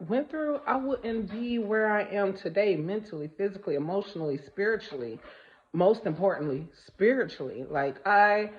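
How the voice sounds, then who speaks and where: A woman talks straight to camera in a casual spiritual vlog, blunt and emphatic. She stacks repeated phrases for stress and swears without hesitation, her voice sitting in an ordinary middle pitch. The audio is slightly muffled and lo-fi. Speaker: spiritual vlogger.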